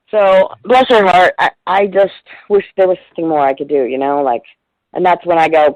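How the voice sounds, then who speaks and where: A woman's voice: on the low side, normal speed, darkish tone, dry recording, muffled recording. A middle-aged woman guest in a casual radio interview, talking in a rambling, heartfelt way with plenty of swearing.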